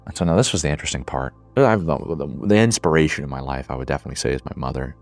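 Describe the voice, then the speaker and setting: A man's voice: rumbling low, fast, few pauses, faint music behind. A man in his twenties giving an earnest, reflective monologue, swearing casually at times. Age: 20s. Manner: earnest, builds to emotional intensity. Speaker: speaker.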